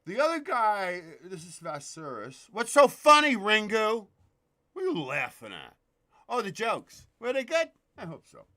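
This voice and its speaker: High-pitched and a little slow, his pushed, bright voice swings hugely in pitch. He runs a casual live show, joking around, cursing and saying hello to viewers by name.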